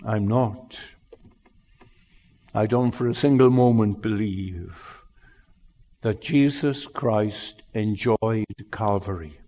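A male pastor preaching a sermon in an earnest, unhurried way, his loudness rising and falling. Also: fairly low pitch. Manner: slow, earnest preaching with wide swings in loudness. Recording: long hall reverb.

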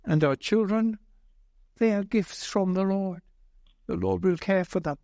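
A man preaching a sermon slowly and deliberately, telling a gentle humorous story along the way. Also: high-pitched, gravelly, no echo, studio quality.

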